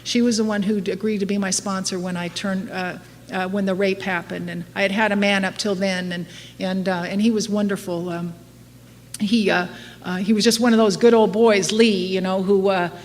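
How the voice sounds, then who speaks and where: A middle-aged woman addresses an audience in a meeting hall as an AA speaker, talking openly about recovery, mocking herself and laughing often. She speaks at a normal speed in a medium pitch with fairly even intonation, the live recording carrying long reverb and faint noise.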